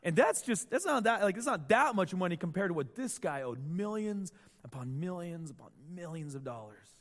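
Animated male pastor in an echoey hall. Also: high-pitched, normal speed. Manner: animated storytelling, acts out quotes. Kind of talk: sermon.

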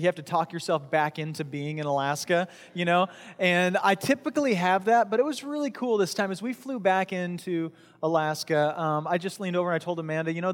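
A man preaching a casual, conversational sermon, joking and bantering with his congregation. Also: high-pitched. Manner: chatty, jokey, talks with the crowd. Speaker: pastor. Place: church hall with audience. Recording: long hall reverb.

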